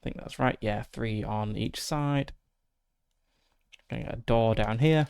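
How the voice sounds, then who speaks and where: A man's voice: medium pitch, a little slow, creaky, a little mellow, clean tone, no room sound. A man casually narrating his solo tabletop game, methodically thinking aloud through dice rolls and rules with frequent fillers, into a close desk mic.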